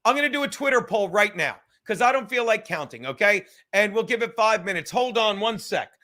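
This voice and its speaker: A man hosting a livestream podcast, rambling loudly and swearing as he reads chat comments. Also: high-pitched, animated, fairly quick. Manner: loud, rambling, profane, reading chat comments aloud. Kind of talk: casual chat.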